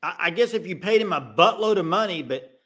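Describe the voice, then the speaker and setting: A man hosting a casual sports podcast with live call-ins, talking in animated bursts with quick restarts. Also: sits high.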